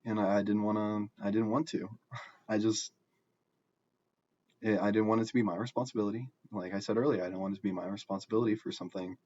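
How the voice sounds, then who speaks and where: A young man telling a personal story in a casual, halting way, often restarting and filling pauses. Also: on the low side, fairly even intonation, a little mellow, lo-fi sound. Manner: halting, self-correcting, frequent fillers.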